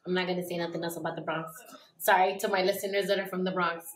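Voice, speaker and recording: A woman's voice: lowish voice, level tone, fast talker, roomy sound, a crowd in the background. A woman hosting a podcast, chatting in a blunt, opinionated way. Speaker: podcast host. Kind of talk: casual chat.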